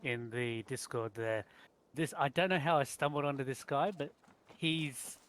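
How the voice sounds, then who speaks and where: A man's voice: mid-range voice, measured pace, a bit bright. A man chatting casually on a podcast over a voice call, sharing a recommendation in an easygoing way. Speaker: podcast co-host. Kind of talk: casual chat. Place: home setup on an online voice call.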